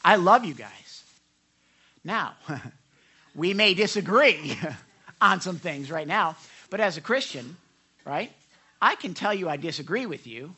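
A pastor preaches in a loose, conversational way, checking in with his listeners as he goes. His voice swoops lively up and down with a bright, forceful edge, and his delivery is fervent and earnest. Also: high voice, breathy edge. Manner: animated, talks straight to listeners with frequent "right?" asides. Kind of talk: conversational sermon.

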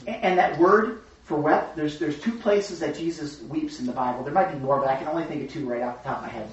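A man leading a group Bible study, teaching excitedly and acting out voices of the crowd as he goes. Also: fairly high pitch, slight background noise. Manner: excitable, acts out crowd voices, talks fast in bursts. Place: room with a small study group. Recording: echoey room, distant mic, dull lo-fi sound.

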